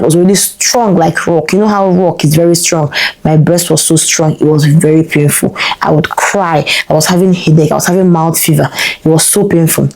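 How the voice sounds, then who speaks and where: A woman recounts a personal story straight to camera. Her voice sits low and mellow, with a relaxed warmth to it. She tells it with animated, exclamatory energy and keeps tossing in rhetorical questions. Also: poor audio. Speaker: vlogger.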